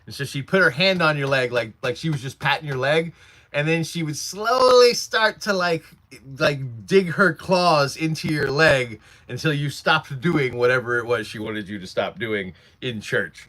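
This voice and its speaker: A man's voice: a little high, normal speed, sharp tone. A man in his forties hosting a casual livestream from his workshop, rambling through stories and laughing often while answering chat. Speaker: livestream host.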